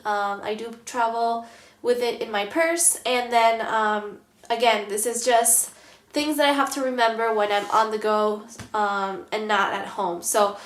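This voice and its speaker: A woman's voice: on the high side, echoey room. Stuffy-nosed woman vlogger, chatty. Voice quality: nasal, stuffy. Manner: chatty, many ums. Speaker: planner vlogger. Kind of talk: casual show-and-tell vlog.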